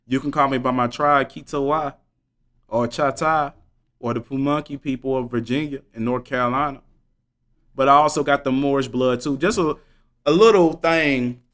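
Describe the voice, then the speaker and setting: On a livestream, a man with a mid-range, somewhat bright voice addresses his viewers directly. He's fervent and preachy, using slang and repeating points for emphasis.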